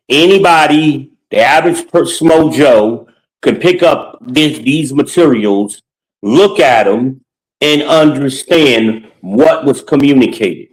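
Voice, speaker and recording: A middle-aged man with a mid-pitched voice talks through a casual podcast monologue. His delivery is blunt and full of profanity, the sound of someone venting opinions and stories straight to his listeners. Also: poor audio. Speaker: podcast host.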